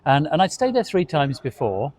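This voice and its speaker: A man's voice: a little high, very animated, moderate pace, a little mellow. A middle-aged man, co-hosting a casual industry discussion and telling chatty anecdotes, sometimes repeating words as he goes. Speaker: co-host, hospitality industry expert.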